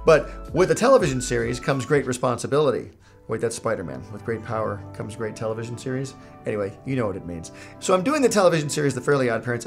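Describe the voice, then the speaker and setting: A middle-aged man, a cartoon creator, telling a comic story in a playful, jokey way. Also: mid-range voice.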